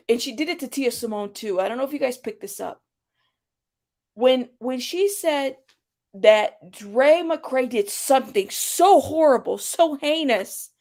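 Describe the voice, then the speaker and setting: A woman's voice: a little high, vocal fry. A woman hosting her own commentary channel, talking bluntly and sarcastically and swearing freely. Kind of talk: casual commentary.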